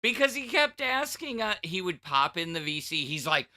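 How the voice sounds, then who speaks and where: A man's voice: a little high, normal speed, hardly any pauses, bright, forceful tone, no room sound, clean studio sound. A man co-hosting a casual livestream chat, rambling and restarting his sentences as he tells stories. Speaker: podcast co-host.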